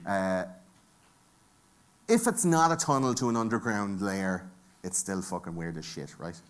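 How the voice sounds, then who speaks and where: A man's voice: deep voice, expressive, unhurried, smooth. A man with an Irish accent giving a jokey, profane conference talk and bantering with the audience from the stage. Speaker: conference speaker. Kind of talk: comedic live talk.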